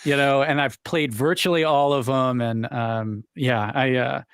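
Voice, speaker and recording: A man's voice: medium pitch, steady tone, unhurried, fairly bright tone, smooth, dry recording, studio quality. A man in his forties co-hosting a podcast interview, affable and casual. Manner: affable, short reactions. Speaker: podcast co-host.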